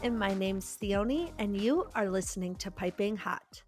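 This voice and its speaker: A woman's voice: medium pitch, animated, normal speed, a little mellow, soft background music. A woman in her twenties co-hosting a podcast in casual chat. She is bubbly and laughs often, telling stories with lots of "like.". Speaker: podcast co-host.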